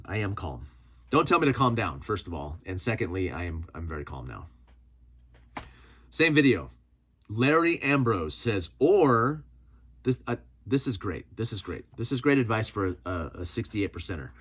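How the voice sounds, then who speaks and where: Excitable, rambling man hosting a vlog. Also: fairly low pitch, slightly rough. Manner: rambling and self-correcting, with frequent laughs; excitable, quick shifts in loudness. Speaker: prepping channel host. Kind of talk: casual talk, reacting to viewer comments.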